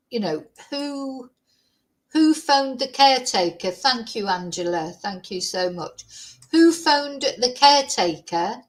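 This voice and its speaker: A woman hosts a casual live chat. She talks in a loose, rambling way and stops to thank viewers by name. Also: fairly high pitch. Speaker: livestream host.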